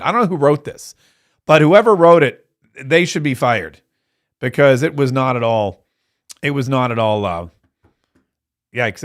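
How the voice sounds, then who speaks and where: A man hosting a live political reaction stream, talking in a sarcastic, mocking and excitable way. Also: fairly high pitch. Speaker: political commentator host.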